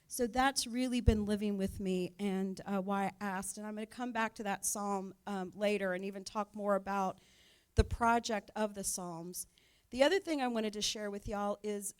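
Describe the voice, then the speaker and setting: Woman pastor preaching tenderly. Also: medium pitch. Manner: emotional, tearful, conversational, says y'all. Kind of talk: sermon. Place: church sanctuary.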